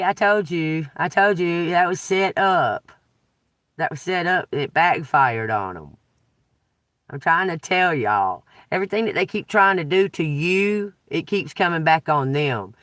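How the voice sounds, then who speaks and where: A woman's voice: on the low side, animated, unhurried, a bit bright, dry recording. A woman ranting in a profane, agitated way, recorded a little away from the mic in a dry car. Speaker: tarot reader. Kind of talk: unscripted venting vlog.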